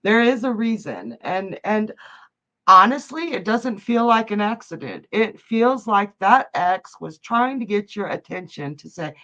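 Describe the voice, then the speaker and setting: A woman's voice: medium pitch, expressive, unhurried, sharp tone, lo-fi sound. A woman giving psychic and tarot readings on a live stream, emotional and laughing often as she reads out viewers' messages. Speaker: psychic medium and card reader.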